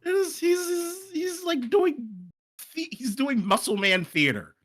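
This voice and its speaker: Bright, lively co-host chatting casually. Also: high voice, unhurried. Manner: easygoing, laughs often, trails off mid-sentence. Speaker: stream co-host. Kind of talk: casual livestream chat.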